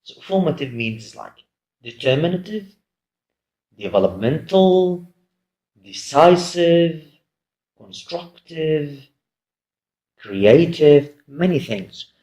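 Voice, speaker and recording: A man's voice: on the high side, expressive, takes it slowly, long pauses, warm tone. A man giving a recorded lecture, hesitant and full of fillers and restarts. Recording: roomy echo.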